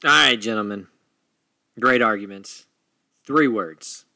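A man's voice: lowish voice, slow, pushed and bright, no room sound. A man hosting and moderating a podcast debate, playful and theatrical as he announces. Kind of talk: casual moderating chat.

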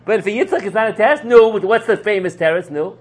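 Briskly, a rabbi works through a lively Torah lesson, posing rhetorical questions and answering them with jokes. His voice ranges from low and quiet to loud and high.

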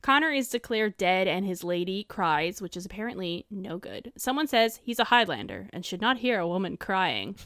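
A woman's voice: mid-range voice, big pitch swings, moderate pace, hardly any pauses, fairly bright tone, no echo, clean studio sound. A woman co-hosting a casual film review chat, laughing often and swearing casually. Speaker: podcast co-host.

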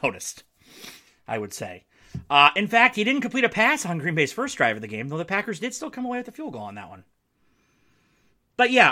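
Lively, bright-voiced man hosting a sports podcast. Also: fairly high pitch. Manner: playful, self-mocking, rambling asides. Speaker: podcast host. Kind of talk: solo sports podcast, casual and jokey. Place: home basement.

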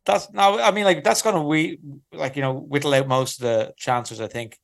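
Man, podcast co-host, rambling teasing storyteller, raised pitch. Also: a little fast, vocal fry. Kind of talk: casual comedic chat.

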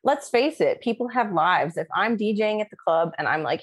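Lively woman DJ chatting. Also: on the low side, a little fast, hardly any pauses. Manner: animated, acts out quotes, laughs often. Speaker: DJ and podcast guest. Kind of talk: casual podcast chat.

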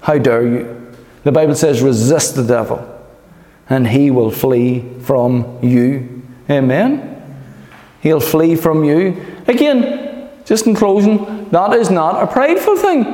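A man preaching a sermon as pastor, emphatic and animated, calling for amens from the congregation. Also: on the high side, slow pace. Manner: emphatic, animated preaching with repeated calls of amen. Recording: echoey hall reverb.

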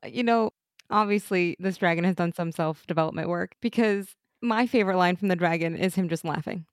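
An American woman co-hosting a podcast in casual chat, enthusiastic and quick to laugh. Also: lowish voice, no room sound, studio quality. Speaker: podcast co-host.

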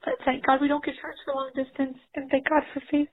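A woman's voice: high-pitched, level tone, fast talker. A woman in her thirties leaving a tearful, rambling voicemail as a caller, laughing through tears. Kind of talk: emotional voicemail message. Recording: tinny phone line.

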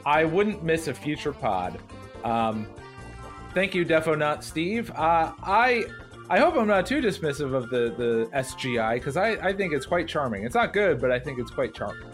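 A man co-hosting a podcast in loose, joking chat. His voice sits a little high and swings widely in pitch as he talks. Faint music plays underneath. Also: big pitch swings, normal speed, a bit bright. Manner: jokey, reads listener reviews aloud with mock accents. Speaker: podcast co-host.

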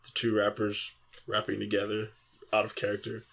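A man's voice: lowish voice, completely flat delivery, normal speed, vocal fry, a bit bright. Rambling man on a casual podcast. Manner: rambling, filler-heavy storytelling. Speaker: podcast co-host.

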